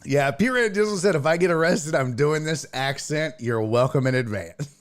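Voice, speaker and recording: A man hosting a sports podcast, chatting casually, excitable and profane, often laughing and imitating voices. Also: a little high, moderate pace.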